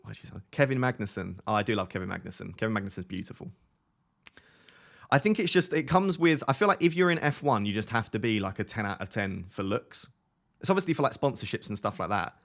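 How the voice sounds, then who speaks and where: A young man with a light Essex accent chats casually on a live stream, reading out viewer questions and answering them. He pokes fun at himself and laughs often. His voice sits a little on the low side. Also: lively intonation, fast talker, gravelly, a bit bright. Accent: light Essex English. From Essex, England. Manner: chatty, self-mocking, laughs often.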